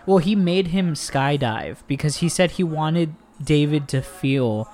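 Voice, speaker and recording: A man's voice: on the high side, lively intonation, unhurried, darkish tone. A young man hosting a casual podcast, retelling a story in loose, rambling talk full of slang and swearing. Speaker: podcast host. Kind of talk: casual chat.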